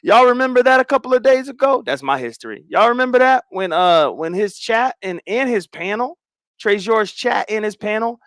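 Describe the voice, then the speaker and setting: Male livestream host, fairly high voice, dry close mic, slangy and animated. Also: no echo. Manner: animated, swings between loud and mumbled asides; slangy, repeats phrases. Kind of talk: casual livestream chat.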